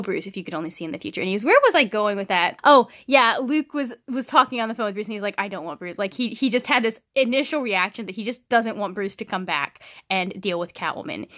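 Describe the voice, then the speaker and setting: A woman talking casually in a reading vlog, chatty and animated, with frequent ums and restarts. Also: mid-range voice. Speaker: book vlogger.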